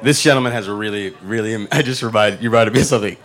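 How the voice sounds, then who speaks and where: A man's voice: lowish voice, rapid-fire, a bit bright, slight background noise. A man hosting a live podcast panel, enthusiastic and casually swearing. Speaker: podcast host. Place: convention panel before a crowd.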